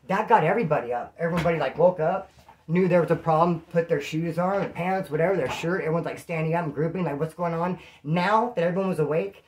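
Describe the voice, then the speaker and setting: A man from California telling prison stories in casual slang, animated and acting out what people said. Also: fairly high pitch. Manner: streetwise slang, animated, acts out quotes. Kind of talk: casual storytelling to camera.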